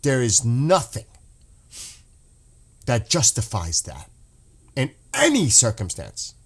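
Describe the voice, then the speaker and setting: A man's voice: medium pitch, huge pitch swings, slow pace, slightly rough. A man hosting a casual livestream, talking emotionally and passionately, swearing and restarting his sentences as he goes. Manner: rambling with restarts. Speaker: livestream host.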